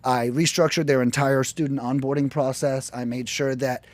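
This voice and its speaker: Animated, profane American man. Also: medium pitch, moderate pace. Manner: animated, profane, jumps into quoted voices. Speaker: podcast guest, lead generation business owner. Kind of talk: casual storytelling interview.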